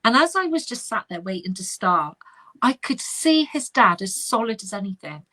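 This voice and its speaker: A middle-aged woman, a spiritual medium telling an animated story in casual chat. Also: mid-range voice, normal speed. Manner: animated anecdotal, chatty with fillers.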